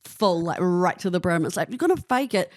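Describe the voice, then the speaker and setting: A woman's voice: on the low side, expressive, brisk, dry recording, clean studio sound. A young woman, a podcast guest chatting casually and telling gossipy stories. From New Zealand.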